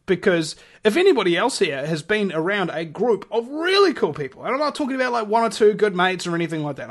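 A man hosting his own radio show, delivering a rambling, heated monologue full of restarts and fillers. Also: sits high. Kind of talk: ranting monologue.

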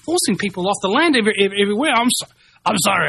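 A man rants in a high, tight voice. He rambles and keeps restarting his sentences. The sound is close and dry, with no room in it. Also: expressive, racing, vocal fry, bright, forceful tone, slightly rough, dry recording. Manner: agitated, rambling, full of restarts. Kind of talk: ranting monologue.

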